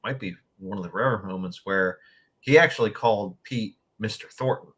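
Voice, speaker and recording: A man's voice: fairly low pitch, moderate pace, a bit bright, slightly rough. A man co-hosting a podcast in casual chat, easygoing and agreeable, with lots of "you know". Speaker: podcast co-host.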